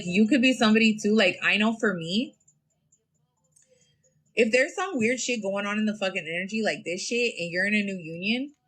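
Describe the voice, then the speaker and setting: A woman's voice: medium pitch, fairly bright tone. A woman giving a live-stream tarot reading, talking bluntly in a profane, slangy, rambling way into her phone. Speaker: tarot reader.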